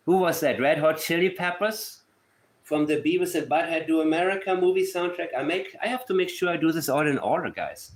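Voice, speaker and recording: A true-crime livestream host speaks a little fast in a fairly high-pitched voice, addressing his chat sarcastically with mock emotion. He reads letters out in a syrupy, mocking way.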